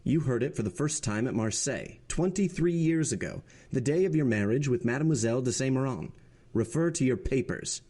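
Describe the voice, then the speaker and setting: In a storybook reading, a man voices a nobleman in disguise who is cold, calm and vengeful, delivering the lines in a measured, solemn way. His voice is mid-range and natural.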